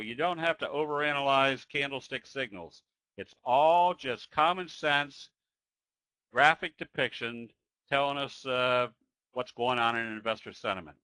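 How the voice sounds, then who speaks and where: A man's voice: medium pitch, pushed and bright, clear, resonant tone, no room sound, rough recording. A man teaching trading in a webinar, talking through charts in a folksy, conversational way with frequent "uh" fillers. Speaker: trading educator.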